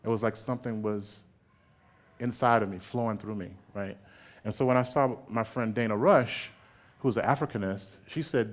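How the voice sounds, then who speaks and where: A man giving a public artist talk in an animated way, laughing often and checking in with "right?". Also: medium pitch, brisk.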